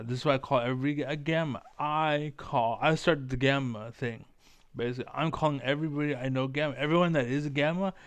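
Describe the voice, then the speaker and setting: Rambling, profane man with a crisp voice. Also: no echo. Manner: profane, rambling, loses train of thought; mocking squeaky impressions of chatters. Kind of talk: rambling political monologue.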